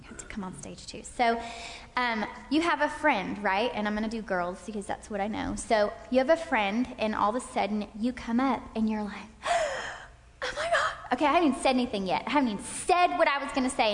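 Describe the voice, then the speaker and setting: High-voiced woman teaching from a hall stage. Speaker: speaker leading a parenting class. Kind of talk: interactive faith-based lecture with volunteers. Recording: hall reverb from a stage talk.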